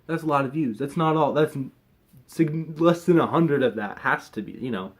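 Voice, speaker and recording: A young vlogger recovering from wisdom teeth removal chats casually to camera, rambling and hesitant with lots of fillers and restarts. His voice is a little high with a breathy edge, at a moderate pace.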